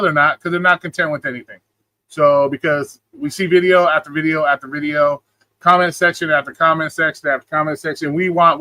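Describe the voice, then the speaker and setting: A man's voice: fairly high pitch, bright, forceful tone, dry recording, rough recording. A man hosting a live stream, bluntly talking back to clips and chat in a repetitive, casual way.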